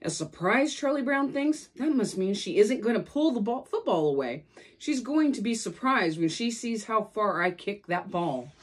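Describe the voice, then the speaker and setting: A woman reads a children's storybook aloud at a relaxed pace. Her pitch climbs and dips constantly, lively and bouncy. She is from California and gives each character a voice of their own. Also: normal speed, husky. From California, USA. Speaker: storybook reader.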